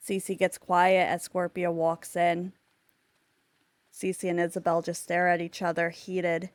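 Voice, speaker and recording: A woman's voice: on the low side, monotone, slow, dry recording. Chatty woman narrating a game story. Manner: chatty, filler-heavy. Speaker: Sims storyteller. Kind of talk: casual narrated gameplay story.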